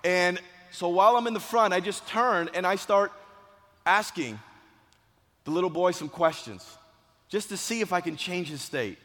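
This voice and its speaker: A man's voice: high voice, moderate pace, pauses often. Man telling a dramatic story in a hall. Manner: dramatic, shifting between hushed and loud. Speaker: speaker telling a personal story. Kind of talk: motivational storytelling speech. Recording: long hall reverb.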